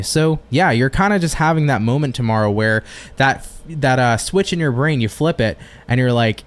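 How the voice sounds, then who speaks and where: A man's voice: medium pitch, animated, normal speed. A man giving a chatty, upbeat tarot reading on a live stream, with casual slang and swearing. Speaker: tarot reader.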